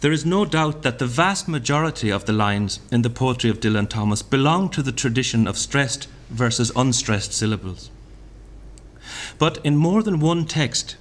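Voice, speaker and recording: A man reading a lecture aloud at a literary festival. He speaks deliberately, sounding out vowels and repeating lines he recites. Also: medium pitch, animated. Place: hotel function room.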